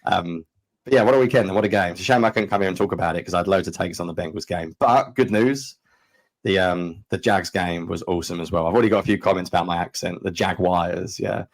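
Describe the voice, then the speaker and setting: Fast-talking London man, deep voice. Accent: London English. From England. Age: 30s. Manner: fast, animated storyteller. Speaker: podcast co-host. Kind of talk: casual chat.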